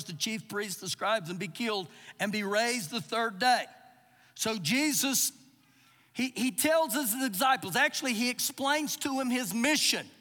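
High-voiced, bright male preacher. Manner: expository preaching with dramatized quotes. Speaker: pastor. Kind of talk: sermon. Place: church service. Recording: live service with long reverb.

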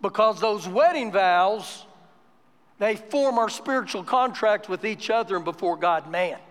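High-voiced preaching pastor in reverberant church. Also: male voice, animated, measured pace. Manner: conversational storytelling building to emphatic preaching. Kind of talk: sermon. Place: church sanctuary during a live service. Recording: long church hall reverb.

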